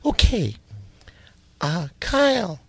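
A woman's voice: on the low side, sing-song, drawn-out words, slightly rough, no room sound, exaggerated voice. A woman voicing a brash, crude bachelorette asking contestants questions. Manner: blunt, crude.

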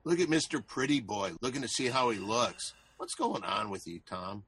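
A man's voice: mid-range voice, very animated, moderate pace, fairly bright tone, husky, no room sound. A man hosting a comedy show, taunting and swearing at the others. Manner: taunting, mocking, profane.

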